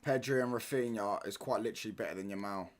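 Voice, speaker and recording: A man's voice: lowish voice, fast talker. A young man chatting casually on a football watchalong stream, reading chat and bantering in slang with stop-start restarts.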